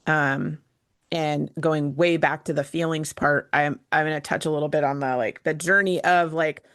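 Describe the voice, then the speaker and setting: A woman's voice: low voice, moderate pace, no echo, clean studio sound. A mother and guest on a talk podcast, chatting casually and acting out her own family moments. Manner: animated storyteller, acts out family talk. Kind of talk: casual chat.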